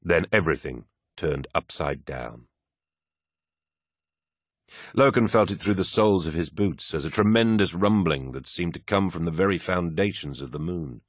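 A man narrating a dramatic action story with steady storytelling. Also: low-pitched, normal speed, no echo, clean studio sound. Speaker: audiobook narrator. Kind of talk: scripted narration.

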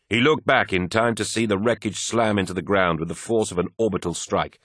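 A man narrating a dramatic action story with steady storytelling. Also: deep voice, no room sound, clean studio sound. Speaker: audiobook narrator. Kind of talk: scripted narration.

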